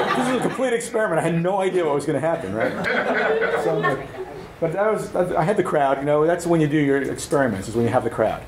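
A man's voice: a little high, animated, fast, heavy background noise. A man giving a live workshop talk, telling anecdotes in a conversational, joking way and checking in with his audience. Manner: anecdotal, joking, chuckles at own stories. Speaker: workshop speaker. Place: workshop room at an event. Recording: roomy event hall with faint ambience.

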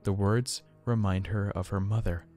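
Male horror narrator, low-pitched, tense hushed delivery over faint music. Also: fairly even intonation, normal speed. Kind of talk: scripted horror story narration.

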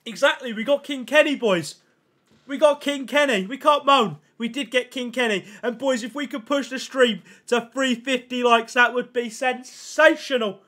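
With a very high-pitched voice at a moderate pace, a young man casually addresses his gaming livestream audience. Excitable and full of slang, he thanks chat constantly and reacts loudly to pack openings.

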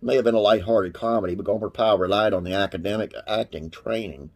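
A man with a low, husky voice reads classic TV trivia to his viewers. He talks in a folksy, rambling way, slips off into asides, and closes with religious blessings. A gravelly rasp runs under his words. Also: fast, darkish tone. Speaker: classic TV trivia channel host. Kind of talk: reading trivia to camera with casual asides.

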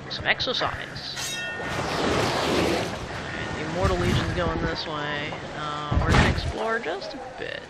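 A man casually commenting on his strategy game in a playful, joking way, talking to the game's characters with sudden excited yelps. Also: high voice, very noisy. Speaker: gamer narrating a let's play. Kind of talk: casual let's play commentary. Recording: game music loud behind voice.

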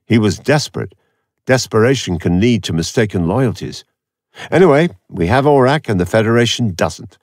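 A man's voice: on the low side, expressive, normal speed, no room sound, studio quality, pitched above the performer's own voice. Man reading a solemn rebel leader. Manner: solemn, conciliatory.

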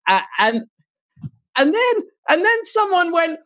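A stand-up comedian performing a set over a video call from home, animated, slipping into mocking put-on voices and laughing at their own jokes. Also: extremely high pitch, takes it slowly. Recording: dull lo-fi call audio.

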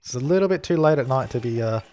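A man's voice: mid-range voice, expressive, fast talker, a little mellow. A man hosting a let's play, chatting casually and giving orders to the characters on screen as he plays. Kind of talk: casual gameplay commentary.

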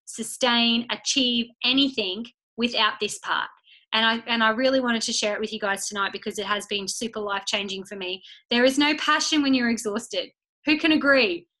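Woman, motivational team talk, chatty and animated, bright ringing voice, fairly high. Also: moderate pace, low-quality recording. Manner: chatty, animated, acts out inner voices and phone calls. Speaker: team leader speaking to her business team.

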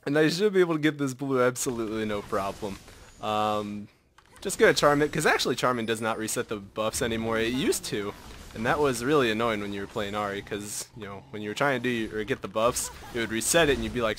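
A young man giving casual live commentary over his own game, excitable and self-mocking, dropping to mutters and jumping to yelps. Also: medium pitch, moderate pace, slight background noise. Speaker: gameplay commentator.

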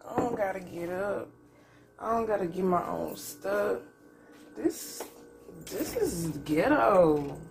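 A woman's voice: medium pitch, lively intonation, takes it slowly, gravelly, a little mellow, faint music behind. A woman vlogging casually at home, candid and profane, in pain and close to tears, with a way of talking. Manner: candid, loose, profane, drawling. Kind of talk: casual vlog talk to camera. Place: at home on a couch.

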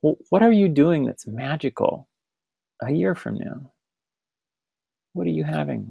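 A man's voice: on the high side, expressive, a little slow, vocal fry, mellow, breathy edge, dry recording. A man presenting a webinar in a casual, rambling way, full of restarts and direct questions to his listeners. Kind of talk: casual spoken webinar lecture.

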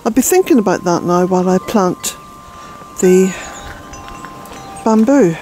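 A woman's voice: lowish voice, expressive, a little slow, mellow, slight background noise, rough recording. Breathless older woman in a garden. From Ireland. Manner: rambling, chatty, with fillers. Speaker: vlogger, gardener. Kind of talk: casual walk-and-talk narration. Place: outdoor garden.

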